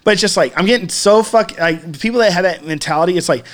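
A man's voice: high-pitched, fast talker. A man telling a story in casual chat, profane and ranting, acting out what people said. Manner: profane, ranting, acts out quotes.

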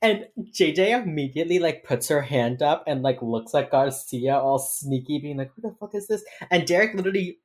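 A woman with an unusually low-pitched voice chats casually as a podcast co-host. She rambles with lots of fillers, swears freely and slips into acted-out quotes. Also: animated, normal speed, few pauses, a little mellow. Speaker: podcast co-host recapping a TV episode. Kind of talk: casual chat.

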